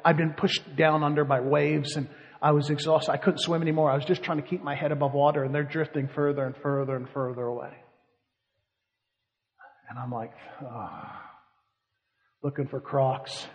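A man preaching, telling a lively story with animation and frequent laughter. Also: on the high side, in a large hall, muffled recording. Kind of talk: sermon storytelling.

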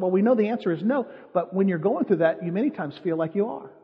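A man's voice: high voice, lively intonation, fast talker, few pauses. A man preaching a sermon, telling stories and repeating his points for emphasis. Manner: storytelling, emphatic repetition. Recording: muffled hall reverb.

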